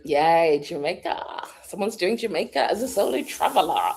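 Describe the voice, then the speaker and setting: Chatty British woman, lively pitch. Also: normal speed. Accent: British English. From United Kingdom. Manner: chatty, laughs often, thinks aloud. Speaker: vlogger answering a live chat. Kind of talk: casual chat.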